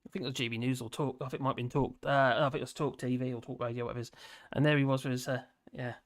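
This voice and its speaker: A man's voice: mid-range voice, fairly even intonation, racing. A man hosting a live stream, chatting casually with a rambling, chuckling, sarcastic manner.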